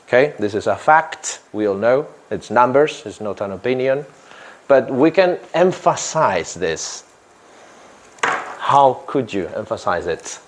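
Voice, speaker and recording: A man's voice: mid-range voice, animated, unhurried, slight background noise. A man teaching an English grammar lesson to a class, repeating phrases and checking in with "yeah?" after nearly every point.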